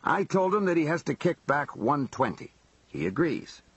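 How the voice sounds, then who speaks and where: A man's voice: on the high side, big pitch swings, moderate pace, slightly rough, dry recording, dull audio, full character voice. A man voicing a blunt, streetwise mob underboss who recounts his grievances in profane, conversational talk. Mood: aggrieved.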